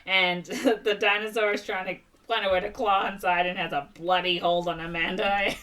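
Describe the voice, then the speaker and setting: Woman retelling a movie, slightly distant mic. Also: medium pitch. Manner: animated retelling with quick voiced impressions. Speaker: podcast co-host. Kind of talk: casual movie recap.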